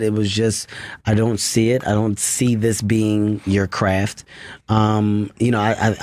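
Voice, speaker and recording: A man's voice: fairly low pitch, a little mellow, dry recording. Earnest man telling stories in a studio. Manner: earnest storytelling. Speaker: guest comedian. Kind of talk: casual interview talk. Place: radio studio. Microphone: studio mic.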